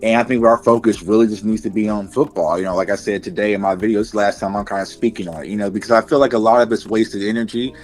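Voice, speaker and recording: Male co-host, low-pitched, calm reflective chat full of fillers. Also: fast talker, hardly any pauses, soft background music. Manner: steady, reflective, filler-heavy. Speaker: podcast co-host. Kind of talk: casual chat.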